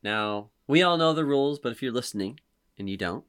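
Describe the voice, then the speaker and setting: A man's voice: mid-range voice, fairly quick, clean tone. A man in his thirties hosting a casual podcast chat, telling stories animatedly and acting out quotes. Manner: animated storyteller, acts out quotes loudly. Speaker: podcast host.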